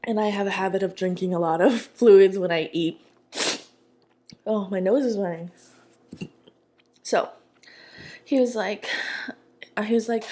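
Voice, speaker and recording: A young woman tells a story in a casual eating vlog. She talks in an animated, sassy and slangy way, with a voice in the middle of the usual pitch. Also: moderate pace, long pauses. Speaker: mukbang vlogger.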